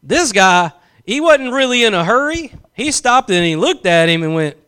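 A man preaching a sermon with passion, building slowly with emphasis and dropping into soft asides. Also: high voice, very animated, smooth. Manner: impassioned, swings between slow emphatic build-ups and soft asides.

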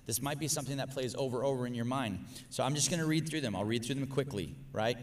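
A middle-aged man preaching a sermon, animated, acting out exasperated rants in a high, strained voice. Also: fast, hardly any pauses, big-room sound.

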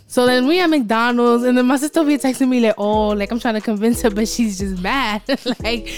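A teenage girl with a fairly high voice tells animated stories in casual podcast chat, slipping into Spanish when she quotes her mother. Soft music plays underneath. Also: fairly quick, few pauses. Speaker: podcast co-host.

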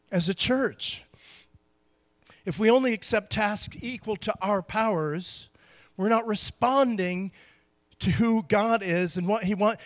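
A middle-aged man preaching a sermon as pastor, in a conversational style that acts out quotes with strong emphasis. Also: high-pitched.

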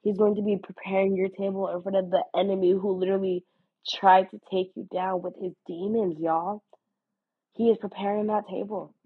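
A woman's voice: mid-range voice, steady tone, normal speed, husky. A woman hosting a podcast, giving an earnest devotional talk in a casual, preachy way full of fillers. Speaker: podcast host. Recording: phone-like, lo-fi audio.

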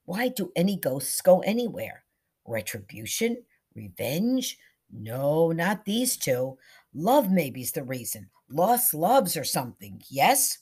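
A woman's voice: deep voice, big pitch swings, slow pace, darkish tone, slightly rough, heavily acted. A woman voicing a big, plump older woman, a cynical film buff, in a storybook reading. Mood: thoughtful.

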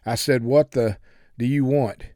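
A man voicing a spoiled, furious young woman in a hospital bed, yelling insults in a raised, shrill voice. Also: fairly even intonation, unhurried, dry recording, studio quality, natural voice. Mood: enraged.

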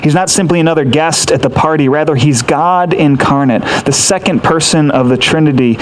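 A man delivers a sermon in an earnest teaching manner, walking listeners through a scripture passage. His voice sits at an ordinary pitch, and he keeps asking rhetorical questions to draw them in. A faint layer of noise runs under the recording. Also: poor audio. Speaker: pastor.

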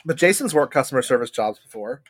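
A podcast co-host in loose, casual chat, telling stories with plenty of laughter. The voice swoops across a wide, lively pitch range and sits at a middle height. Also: fast talker. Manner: animated storyteller, laughs often.

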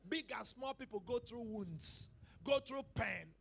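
A male pastor preaching a sermon to a church congregation, dropping to hushed lines and rising to loud shouted calls, repeating phrases for emphasis. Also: very high-pitched, expressive, measured pace, gravelly, husky. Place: church service.

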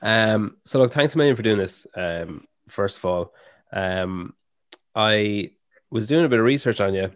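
A man's voice: fairly low pitch, animated, measured pace, no echo, studio quality. A man hosting a casual podcast interview, rambling and hesitant with lots of fillers. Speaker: podcast host.

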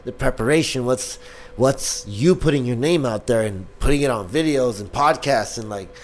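A raspy man in casual podcast talk, swearing freely and spinning stories in a lively way. His voice sits at an ordinary middle pitch and jumps up high when he acts out the people in his stories. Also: moderate pace, a little hiss or hum. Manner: profane, animated storyteller. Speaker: open-mic comedian.

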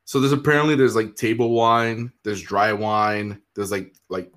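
A man's voice: lowish voice, fairly even intonation, moderate pace, fairly bright tone. A man in casual chat who swears a lot, laughs often and acts out the people in his stories.

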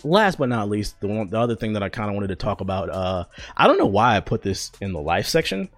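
A man's voice: on the low side, very animated, fast talker, faint music behind. Laid-back, slangy young man on a podcast. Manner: loose, profane and slangy, with many fillers. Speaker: podcast host. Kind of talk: casual storytelling chat.

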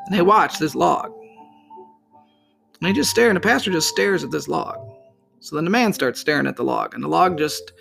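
Gravelly-voiced preacher telling a story. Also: male voice, on the high side. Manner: rambling, conversational, many restarts. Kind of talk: sermon storytelling. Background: instrumental music.

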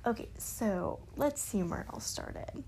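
Young woman vlogger, mid pitch, bubbly, profane, giggly. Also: expressive, unhurried, creaky, a little mellow, slight background noise. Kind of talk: casual storytelling.

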